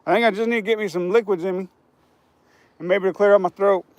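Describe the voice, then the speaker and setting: Man, high-pitched and hoarse, rambling outdoor stream host, chatty and easygoing. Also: fairly even intonation, fast talker, no echo. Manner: chatty, rambling, repeats himself. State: hoarse, scratchy throat. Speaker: fishing livestream host. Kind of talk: casual live-stream chat. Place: outdoors on a riverbank.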